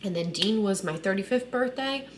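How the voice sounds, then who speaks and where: A woman's voice: medium pitch, animated, normal speed, a little hiss or hum. A woman in her thirties talking candidly to camera, emotional and conversational, often saying "like" and "right?". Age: 30s. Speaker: mother sharing her story. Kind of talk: personal vlog monologue.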